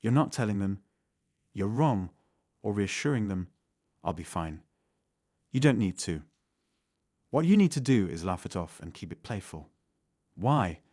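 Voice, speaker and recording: Male narrator, low register, measured instructive read, dead-dry booth sound. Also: expressive, a little mellow, no room sound. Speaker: channel narrator. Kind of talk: scripted self-help narration.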